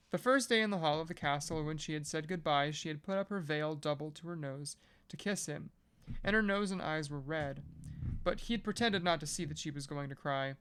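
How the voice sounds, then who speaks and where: A podcast reader reading a novel aloud at a measured pace, breaking off now and then for casual joking asides. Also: mid-range voice, a bit bright, clear, resonant tone.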